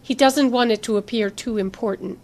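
A woman voicing a cool, controlling female research director with a put-on accent and a crisp, condescending manner. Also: on the high side, normal speed, darkish tone, lightly acted. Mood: coolly formal.

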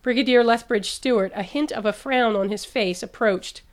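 A woman narrating an audiobook in a steady, even storytelling manner. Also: fairly high pitch, moderate pace.

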